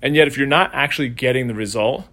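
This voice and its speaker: A man hosting a casual solo podcast as a coach, telling a story in a relaxed, conversational way. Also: mid-range voice, fast talker. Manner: conversational storytelling, acts out quoted voices.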